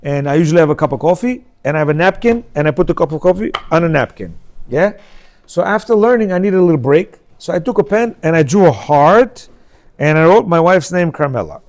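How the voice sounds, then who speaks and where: A man giving a lively class, telling stories and checking in with his listeners, now and then bursting into loud emphatic outcries. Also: on the high side, brisk. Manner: lively, asks the room "yeah?" and "you know?". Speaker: teacher giving a class on marriage. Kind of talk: animated storytelling class talk.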